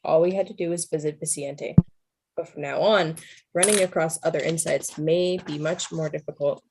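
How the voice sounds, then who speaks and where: A woman reading a novel aloud in an easygoing, unpolished way, tripping over words and correcting herself now and then. Her voice sits low and husky with a gravelly edge. The recording is close and dry, with no room sound. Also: fairly even intonation, normal speed, darkish tone, rough recording. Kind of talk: casual read-aloud narration.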